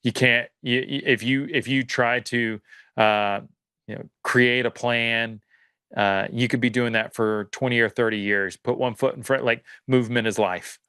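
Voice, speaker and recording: A man's voice: mid-range voice, steady tone, unhurried, pushed and bright, clean tone, no room sound. A man speaking as a podcast guest, earnest and reflective, often circling back and restarting his thoughts. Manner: earnest, searching, lots of fillers and restarts. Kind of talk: casual reflective conversation.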